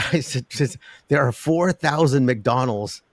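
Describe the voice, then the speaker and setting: An older man, a guest in an interview talking about metals markets, who rambles with an animated delivery, many restarts and laughs. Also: medium pitch, slow pace, no echo. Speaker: precious metals commentator.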